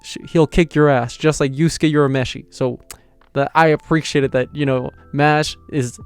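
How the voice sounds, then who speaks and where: Young male vlogger, excitable slangy recap delivery, clean resonant voice, faint music underneath. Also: on the high side, normal speed, clean tone, no echo. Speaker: anime reviewer. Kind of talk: casual reaction recap.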